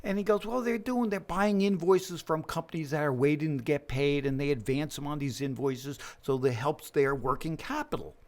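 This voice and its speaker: A man's voice: on the high side, moderate pace, hardly any pauses. A middle-aged man, a business lender, talking casually in an interview and acting out the dialogue in his stories. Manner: animated storyteller acting out dialogue.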